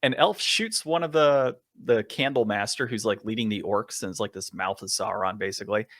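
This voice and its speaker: A man co-hosting a podcast, telling a long story in a casual, animated way and chuckling often. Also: fairly low pitch, a little fast, dry recording, clean studio sound. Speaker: podcast co-host.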